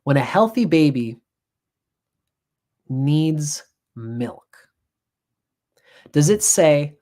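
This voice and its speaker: A man's voice: fairly high pitch, expressive, very slow, pauses often, dark tone. A man giving an astrology reading on a live stream, blunt and profane, switching into acted voices to make his points.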